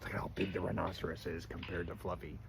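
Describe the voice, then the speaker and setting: An older grandfather reading a picture book aloud to his grandchildren, gently pausing to ask them questions. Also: deep voice, flat delivery, creaky, a little hiss or hum. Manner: gentle, asks children questions.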